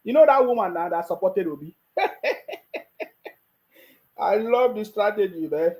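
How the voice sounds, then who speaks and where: On a rough recording, a man with a Nigerian accent scolds and mocks in a ranting political video, frequently restarting. He sounds high, animated, a little fast, and a little mellow.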